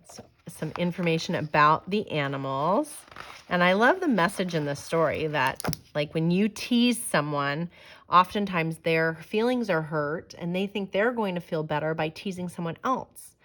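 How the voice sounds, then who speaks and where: A woman reading a children's story aloud with gentle, expressive narration. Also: lowish voice, moderate pace, slight background noise. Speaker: storybook reader.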